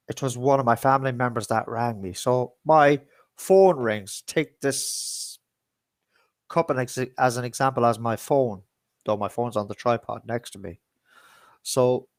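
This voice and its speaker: A man's voice: mid-range voice, no room sound. A man hosting a livestream, telling a rambling story to his viewers with plenty of swearing. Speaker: livestream host and DJ.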